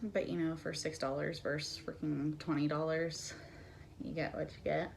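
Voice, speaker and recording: A woman's voice: sits low, flat delivery, normal speed, creaky, a little mellow, a little hiss or hum. A young woman at home chatting candidly through a casual makeup tutorial. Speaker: beauty vlogger.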